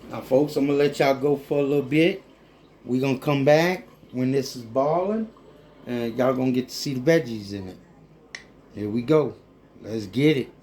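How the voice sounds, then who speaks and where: A man, talking casually and warmly to viewers in a rambling cooking vlog from his home kitchen. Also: mid-range voice, moderate pace, a little hiss or hum. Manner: heartfelt, rambling, addresses viewers as folks. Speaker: cooking vlogger.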